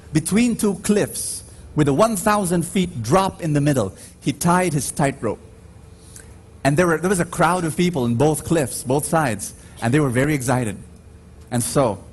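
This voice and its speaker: A man with a Filipino accent preaching a sermon in slow, emphatic phrases, his pitch swinging widely as he drives each point home. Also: husky. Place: church. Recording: faint background noise on a radio live stream.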